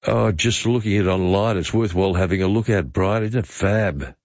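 An older man hosting talkback radio, his voice slightly low and set close to the mic in a dry room. He chats easily and exclaims often, breaking off to read listener messages aloud. The sound is a little dull and lo-fi. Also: brisk, no room sound. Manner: chatty, exclaiming, reads listener texts aloud. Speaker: radio host.

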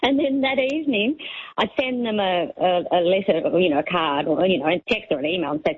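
A woman's voice: fairly low pitch, a little fast, husky, no room sound. A woman calling in to a talkback radio show and telling a wry story in a chatty way. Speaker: caller. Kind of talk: casual phone-in chat. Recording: tinny phone line.

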